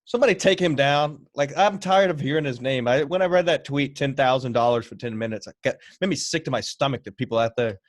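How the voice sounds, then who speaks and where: A man hosting a casual podcast, reacting loudly with groans and disgust. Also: medium pitch, fast, few pauses.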